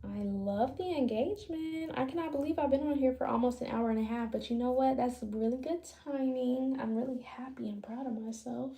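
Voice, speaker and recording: A woman with a fairly high, gravelly voice chats loosely with her viewers while braiding her hair. She speaks in a relaxed, rambling way. The room gives her voice a roomy echo. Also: brisk, few pauses. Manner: loose, chatty, talks to viewers. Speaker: livestream host.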